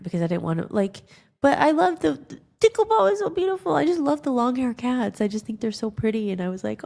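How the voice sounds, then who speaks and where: Gravelly-voiced woman telling a personal story. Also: on the high side, lively intonation, fast talker, a little mellow. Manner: rambling, emotional, many fillers and restarts. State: tearful at times. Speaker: podcast host.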